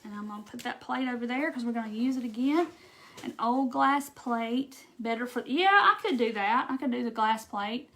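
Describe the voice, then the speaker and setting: Chatty and casual, a Mississippi woman with a Southern accent hosts a live craft demo, reads viewer comments aloud, answers them, and says "y'all." She speaks at normal speed in a slightly high, somewhat bright voice.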